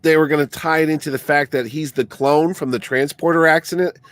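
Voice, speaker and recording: A man's voice: on the high side, steady tone, a little fast, fairly bright tone, no room sound. A man co-hosting a podcast, bluntly griping in casual chat and swearing freely. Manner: blunt, profane, exasperated. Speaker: podcast co-host.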